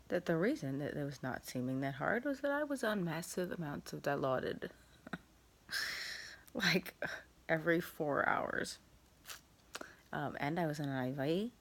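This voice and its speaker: A woman speaks into her phone from bed at home, worn out and in pain after surgery. Her voice sits low with a gravelly fry, and she talks softly, halting over ums and small laughs. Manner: soft-spoken, halting with many ums, laughs at herself. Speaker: vlogger. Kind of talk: casual recovery vlog.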